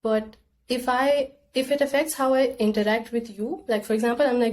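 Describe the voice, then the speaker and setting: A woman's voice: a little high, steady tone, a little fast, a little mellow. A young woman guest on a podcast, talking things through in a casual, reflective way and acting out her own inner voice. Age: young adult. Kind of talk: casual conversation.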